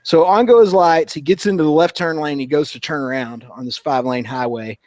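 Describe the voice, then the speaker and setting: A man's voice: fairly high pitch, fairly quick, a little mellow, dry recording. A man co-hosting a casual motorcycle chat, telling a long story in an easygoing way. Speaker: motovlogger co-host.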